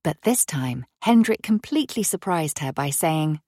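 A woman reading a novel aloud as an audiobook narrator, in a measured, even storytelling manner. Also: sits low, breathy edge, no room sound, clean studio sound. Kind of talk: scripted narration.

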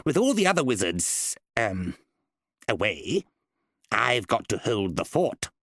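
A man's voice: fairly low pitch, big pitch swings, slow, fairly bright tone, no room sound, full character voice. A man voicing a short, portly, balding wizard who is fussy, pompous and defensive.

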